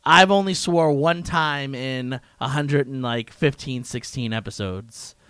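A man's voice: mid-range voice, measured pace, a bit bright, smooth, no echo, studio quality. A man guest in casual podcast banter, asking curious, playful questions.

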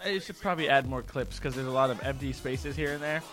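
A man's voice: medium pitch, quick pace, soft background music. A man co-hosting a podcast in a small studio, bantering casually, joking and laughing easily. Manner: animated, laughs easily, jokey. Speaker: podcast co-host.

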